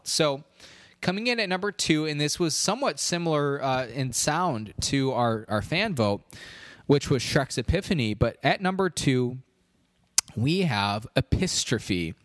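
A man hosts a casual solo podcast countdown, rambling and playful, then building up excitement for the big reveals. His voice sits at a middle pitch. It is recorded close up and dry, with no room sound behind it. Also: dry recording. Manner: playful, rambling, with hyped-up announcements. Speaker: podcast host.

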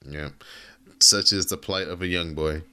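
Slow easygoing podcast host guy, crisp bright voice. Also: deep voice, fairly even intonation. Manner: laid-back, reads results and jokes with co-hosts. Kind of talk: casual wrestling podcast chat.

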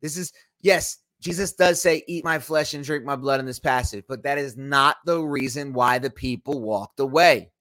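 A man's voice: medium pitch, normal speed, few pauses, a bit bright, no room sound, studio quality. A man hosting a podcast at home, teaching a casual Bible study in an emphatic, argumentative way.

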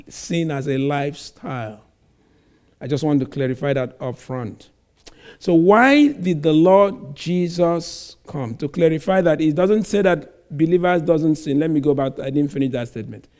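A man preaching a sermon, reading scripture slowly and stressing words with sudden loud emphasis. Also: on the high side, expressive.

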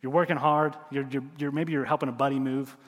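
A middle-aged man preaching a sermon, telling stories with lively swings and dropping to quiet emphasis. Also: mid-range voice, quick pace, in a large hall. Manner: animated storytelling, drops to quiet emphasis. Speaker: pastor.

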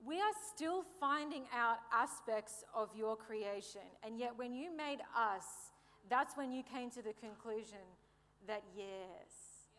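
A woman's voice: on the high side, lively intonation, takes it slowly, a bit bright. A woman preaching a sermon in a playful, conversational way, joking with the congregation. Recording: reverberant hall.

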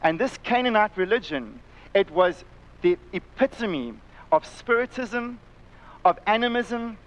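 Prediger, Mann mittleren Alters, südafrikanischer Akzent, recht hohe Stimme, leidenschaftliche Predigt. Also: male voice, high-pitched, lively intonation, unhurried, low-quality recording. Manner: impassioned, acts out voices in the story, drops to quiet intensity. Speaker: pastor. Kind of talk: sermon. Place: church, live-streamed service.

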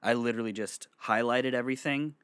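A man's voice: mid-range voice, fast, clear, resonant tone, dry recording, studio quality. A young man telling a long personal story to friends in a casual, rambling way, with swearing and laughter. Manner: rambling, animated, swears, laughs between lines.

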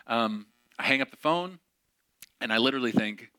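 A young man telling a personal story to a congregation, animated and acting out the quotes. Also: mid-range voice, normal speed, clean tone. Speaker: speaker. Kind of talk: storytelling sermon.

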